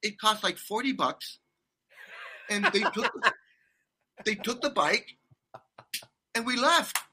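A man's voice: sits high, lively intonation, slow pace, pushed and bright, husky. A man telling a rambling travel story in casual chat, laughing often and restarting his sentences. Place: condo abroad.

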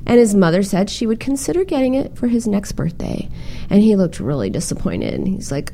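A woman hosting a call-in advice show. Her voice has a mellow, dark tone at a middle pitch. She tells stories in an animated, validating way. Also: fairly quick, gravelly, slight background noise. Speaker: radio advice host.

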